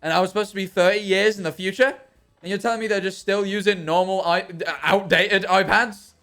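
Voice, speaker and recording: Young british guy streaming, rambly and ranty, fairly high voice, bit of music behind. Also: fairly even intonation, fairly quick, a bit bright. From Britain. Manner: rambling, ranting, self-deprecating. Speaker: livestreamer. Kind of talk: casual stream chat while gaming.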